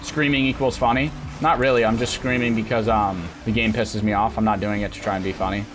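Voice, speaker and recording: A young man streaming a video game on a headset mic, frustrated and cursing, often breaking into angry shouts. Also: fairly low pitch, fairly even intonation, brisk. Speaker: gaming streamer. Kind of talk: live gameplay commentary. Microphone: gaming headset. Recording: game music playing behind the voice. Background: game music.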